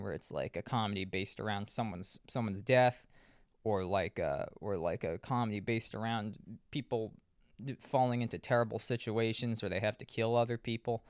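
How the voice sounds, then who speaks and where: A man's voice: medium pitch, smooth, dry recording, studio quality. A man hosting a podcast, recapping a movie in a loose, rambling way with lots of restarts, fillers and profane asides. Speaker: podcast host.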